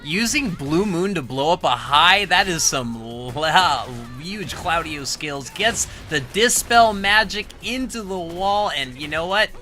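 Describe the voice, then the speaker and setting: A man commentating a fighting game tournament, animated and excitable, laughing often. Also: on the high side, slow, few pauses, faint music behind. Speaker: esports commentator.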